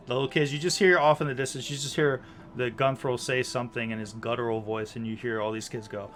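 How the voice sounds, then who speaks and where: A man running a tabletop game as game master, narrating in a relaxed, chuckling way. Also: mid-range voice, brisk, faint music behind.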